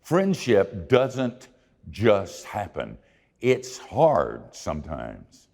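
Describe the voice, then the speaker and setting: An older man preaching a sermon, telling folksy, self-deprecating stories in an expressive way. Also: deep voice, extremely slow, gravelly, husky, big-room sound. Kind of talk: sermon with storytelling.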